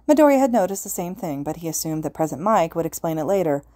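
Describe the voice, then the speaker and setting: Woman reading a fan fiction audiobook, lowish calm voice, dry close read. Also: quick pace, hardly any pauses, no room sound. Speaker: podfic reader.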